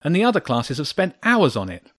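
A man's voice: mid-range voice, big pitch swings, fast talker, darkish tone, dry recording, studio quality, pitched above the performer's own voice. A man voicing a worked-up young schoolboy in a raised, pleading voice. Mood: indignant. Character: schoolboy James, worked up and indignant.

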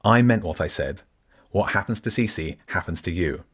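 A man's voice: low-pitched, animated, moderate pace, husky. Brief: steely young girl, firm and threatening, read by a male narrator. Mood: determined. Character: fierce determined young girl.

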